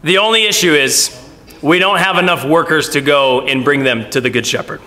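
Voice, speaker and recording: A man preaching a lively sermon, acting out quoted voices and laughing often. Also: fairly high pitch, normal speed, echoey room. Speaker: pastor.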